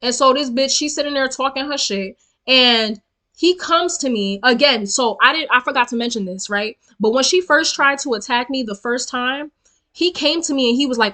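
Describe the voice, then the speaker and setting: A young woman tells a storytime vlog with a bright, forceful edge. She sits a little high in her register and keeps it animated, profane and emphatic as she talks straight at her viewers. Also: normal speed. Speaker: storytelling vlogger. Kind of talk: casual storytime rant.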